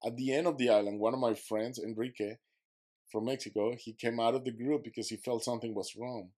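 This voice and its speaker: A man's voice: mid-range voice, steady tone, a little fast, warm tone. A man who is a podcast guest, telling a vivid story and acting out his own quotes, in slightly broken English.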